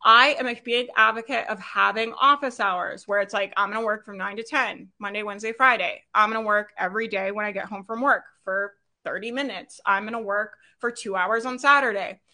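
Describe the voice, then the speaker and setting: A woman's voice: mid-range voice, a little fast, hardly any pauses, bright, forceful tone. A woman business coach giving a live training, upbeat and chatty, laughing often and checking in with "right?".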